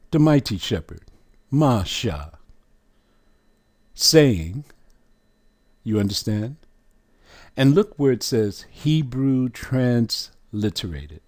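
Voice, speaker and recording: A man with a lowish, slightly mellow voice, recorded dry, teaches a lesson by guiding the listener through a chart. He speaks emphatically and keeps posing questions to the listener as he goes.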